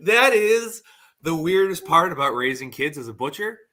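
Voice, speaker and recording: A man's voice: on the high side, normal speed, slight background noise. A man in his thirties hosting a casual podcast, telling stories and acting out the voices of the people in them. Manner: animated storyteller acting out quotes. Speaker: podcast host.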